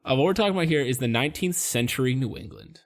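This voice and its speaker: A man co-hosting a casual podcast, easygoing and quick to laugh as he tells the story. His voice sits at a middle pitch, and he leans on plenty of fillers. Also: lively intonation, faint music behind. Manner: laid-back, laughing, lots of fillers. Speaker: podcast host presenting the topic.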